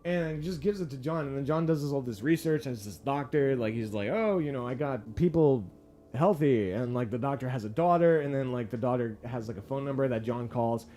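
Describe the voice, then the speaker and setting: A man giving a casual, profane movie review, excitable and full of fillers. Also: medium pitch, a little fast, few pauses, a little hiss or hum. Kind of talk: casual spoken film review.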